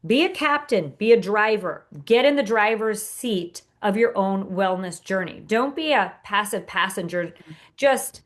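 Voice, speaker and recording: Woman, author guest, motivational, earnest, talks with fillers and restarts, middle pitch. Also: animated, unhurried. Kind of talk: podcast interview.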